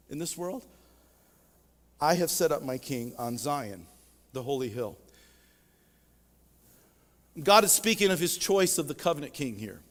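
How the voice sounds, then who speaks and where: Guy preaching a sermon, rises and drops for emphasis, echoey church sound. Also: a little high. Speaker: pastor. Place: church sanctuary.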